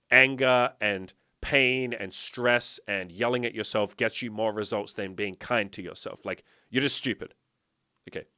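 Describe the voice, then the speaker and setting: A man's voice: mid-range voice, a bit bright, dry recording, clean studio sound. A man coaching his viewers on fitness and dating in a blunt, profane, emphatic way, often asking them rhetorical questions. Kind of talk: direct-to-camera motivational talk.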